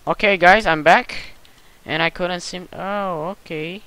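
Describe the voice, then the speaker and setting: A gameplay commentator in casual, goofy play-by-play who squeals and yells at jumps and mutters between them. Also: mid-range voice, animated, slow pace, no room sound, poor audio.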